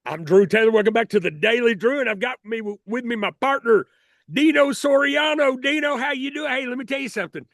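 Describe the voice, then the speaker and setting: High-pitched middle-aged guy hosting a talk show, folksy and chatty, dry close sound. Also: fairly quick, fairly bright tone, no echo. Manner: folksy, chatty, counts down to air.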